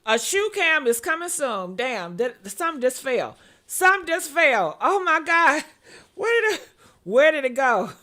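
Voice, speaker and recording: A woman hosting a live-stream celebrity gossip vlog, sassy and animated, calling her viewers honey. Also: high-pitched, unhurried. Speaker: gossip vlogger. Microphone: earpiece.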